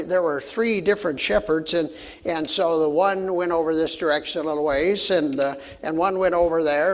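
A male pastor delivers a sermon, moving from scripture reading into a folksy story. His voice sits a little high for a man, and he restarts his sentences and adds fillers as he goes. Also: gravelly, breathy edge.

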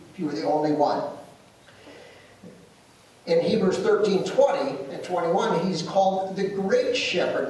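Preaching as a pastor, a man with a fairly high, darkish voice tells folksy stories and makes emphatic declarations. He's recorded from far off in an echoey room, with faint background noise.

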